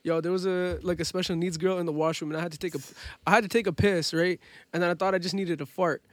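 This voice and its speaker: A man's voice: high-pitched, fairly even intonation, quick pace, no echo. A young man telling an embarrassing childhood story to friends in casual slang, self-mocking.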